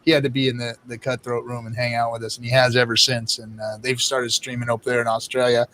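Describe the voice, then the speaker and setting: A man's voice: medium pitch, little pitch movement, fast talker, a bit bright. A man hosting a live stream, chatting loosely and telling rambling, profane stories with frequent laughs. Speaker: stream host. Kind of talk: casual live-stream chat.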